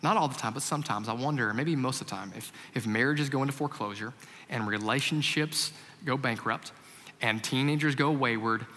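Bright-voiced man preaching in a reverberant hall. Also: mid-range voice, fairly quick, few pauses. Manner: animated, shifts from loud comic storytelling to hushed reflection. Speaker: family pastor. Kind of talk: sermon with humorous storytelling.

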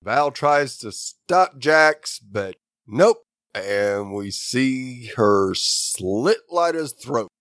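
A man on a podcast chatting casually, summarizing an episode's plot in a steady way. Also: medium pitch, extremely slow, no echo, studio quality. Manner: steady plot summary with short agreeing replies. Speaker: podcast co-host recapping an episode. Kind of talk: casual chat.

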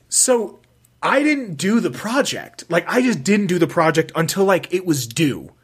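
A man's voice: fairly high pitch, lively intonation, normal speed, fairly bright tone, breathy edge. A young man telling a rambling school story in casual chat, self-mocking, swearing and laughing often.

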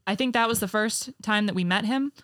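A woman co-hosting a podcast, chatting casually in a small studio. Her voice sits in the middle range and sounds close and dry. She tells stories in a relaxed way with wry asides. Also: medium pitch, fairly quick, dry recording. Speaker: podcast co-host. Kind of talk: casual chat.

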